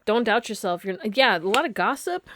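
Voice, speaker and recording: A woman's voice: medium pitch, lively intonation, moderate pace, a bit bright, a little hiss or hum. Chatty woman giving a tarot reading. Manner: chatty, laughs often, slangy asides to viewers. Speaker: tarot reader. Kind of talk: casual pick-a-card tarot reading.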